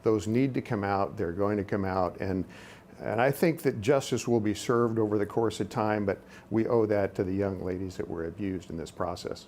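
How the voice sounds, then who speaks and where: An earnest male politician with a fairly low voice answers an interview question, stumbling and repeating words as he restarts. A faint bed of outdoor ambience and noise sits under him. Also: normal speed, a little mellow. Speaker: congressman.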